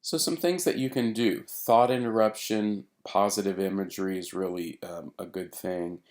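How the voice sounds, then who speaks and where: A middle-aged man giving a recorded therapy training lecture in a relaxed, conversational way, with frequent fillers and restarts. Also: low-pitched, normal speed.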